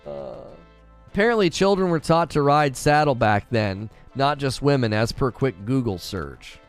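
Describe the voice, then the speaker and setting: A man hosting a gaming channel, chatting casually with a live audience in an animated, ranting way and stumbling over hard names. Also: medium pitch, a little slow, soft background music. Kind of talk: casual live-stream chat, reading viewer comments.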